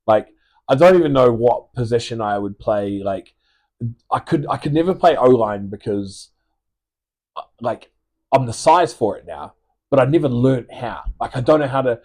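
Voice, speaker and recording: A man's voice: medium pitch, lively intonation, moderate pace, darkish tone. Rambling New Zealand man, sweary. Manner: rambling, sweary, repeats words often. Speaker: guest, sports player. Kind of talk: casual podcast chat.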